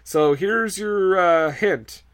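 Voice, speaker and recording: Casting: casual podcast host, a man with a slightly high voice, jokey and rambling. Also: drawn-out words, fairly bright tone, smooth. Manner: rambling, hesitant, joking. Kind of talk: casual chat.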